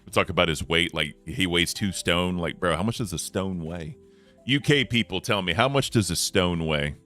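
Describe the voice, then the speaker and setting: A young man co-hosting a casual podcast chat, laid-back and rambling, often trailing off quietly. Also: low-pitched, moderate pace, soft background music. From United States. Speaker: co-host.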